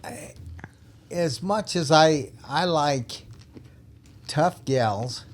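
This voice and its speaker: Speaking very slowly in a fairly high voice, a retired police officer, now an older man, shares casual stories on a podcast microphone. He's blunt and emphatic, and he laughs a lot.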